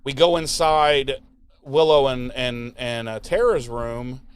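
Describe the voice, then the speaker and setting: A man's voice: mid-range voice, clean tone. A man co-hosting a podcast, giving a casual, profane, rambling recap of a TV episode and briefly mimicking the characters. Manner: profane, rambling recap with quick mock voices. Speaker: podcast co-host.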